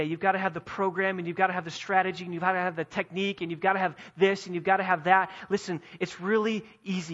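A man preaching a sermon as pastor, emphatic, building to forceful peaks and dropping low again. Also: highs cut off. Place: church sanctuary.

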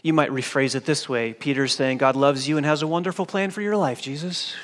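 A man preaching a sermon, swinging from loud emphatic declarations to hushed, quiet lines. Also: a little high, brisk. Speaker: pastor. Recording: long hall reverb.

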